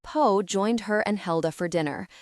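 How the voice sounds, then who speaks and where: A woman narrating a fantasy audiobook in a calm, even storytelling manner, close to the mic. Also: mid-range voice, normal speed, no room sound.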